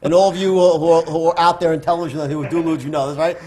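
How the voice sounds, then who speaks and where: A man being interviewed, telling an anecdote in a lively, playful way. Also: on the high side, rapid-fire, a little hiss or hum. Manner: animated, playful storyteller. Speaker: interview guest. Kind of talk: storytelling anecdote.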